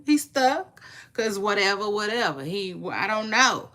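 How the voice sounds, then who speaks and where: A woman hosting a casual celebrity gossip vlog, chatting to her viewers in a playful, drawn-out way with frequent asides. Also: medium pitch, very animated, bright, forceful tone. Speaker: vlog host.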